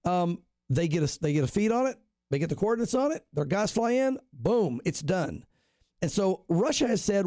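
Emphatic high-voiced male pastor. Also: moderate pace, no echo, studio quality. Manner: animated, emphatic, rambling with restarts. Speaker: pastor, guest commentator. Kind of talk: casual radio talk on prophecy.

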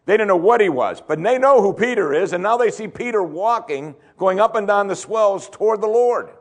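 A man preaching a sermon, swinging between loud emphasis and hushed tones and repeating phrases for effect. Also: sits high, lively intonation, moderate pace. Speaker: pastor.

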